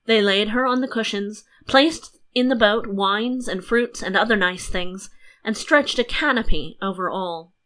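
A woman narrating a fairy tale audiobook in an even storytelling manner. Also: mid-range voice, unhurried.

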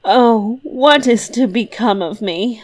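A woman's voice: fairly high pitch, slow pace, no echo. A woman voicing an anxious young man in a fairy tale, in a voice close to her own.

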